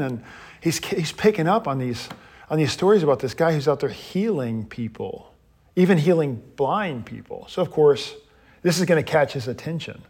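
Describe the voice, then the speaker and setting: A man, a pastor, teaching an adult class in a lively way, standing and moving about, often restarting his sentences. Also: a little high, breathy edge. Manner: animated, paces while teaching, frequent restarts.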